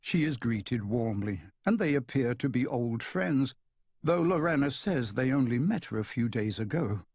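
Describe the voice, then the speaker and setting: A man reading a novel aloud in a calm, measured narration. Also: mid-range voice, slightly rough, dry recording, studio quality. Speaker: audiobook narrator. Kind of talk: scripted narration.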